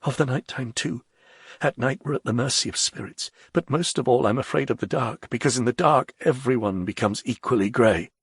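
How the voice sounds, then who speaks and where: A man's voice: mid-range voice, brisk, slightly rough, no room sound, clean studio sound, voice pushed up. A man voicing a frightened, embittered court poet who speaks in an anxious, quavering way. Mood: anxious, gloomy.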